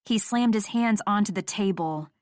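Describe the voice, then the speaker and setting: A woman's voice: medium pitch, moderate pace, a little mellow, no echo, clean studio sound. Woman narrating a romance audiobook.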